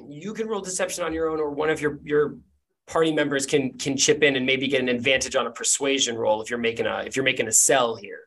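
A man narrating a tabletop game as game master, in a loose, halting way with many fillers. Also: mid-range voice, fairly bright tone.

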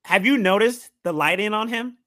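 A man co-hosting a podcast, talking in a chatty, teasing, animated way. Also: sits high, normal speed. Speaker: podcast co-host. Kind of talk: casual podcast chat.

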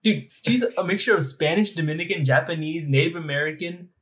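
A man's voice: a little high, fairly quick, a bit bright. A young man co-hosting a podcast, teasing the others and giggling in casual chat. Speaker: podcast co-host.

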